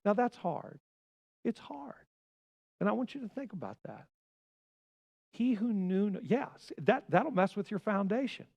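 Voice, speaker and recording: A man preaching a sermon as pastor, swinging from loud emphasis to hushed asides. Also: sits high, very animated, normal speed, vocal fry, breathy edge, long reverb tail, dull audio. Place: church sanctuary.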